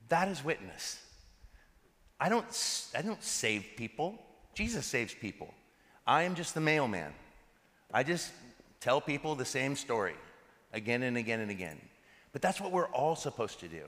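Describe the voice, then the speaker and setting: A man, a pastor, giving a sermon that is full of lively stories. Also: on the high side, moderate pace. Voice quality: animated, laughs between anecdotes. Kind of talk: sermon with storytelling. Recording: reverberant hall.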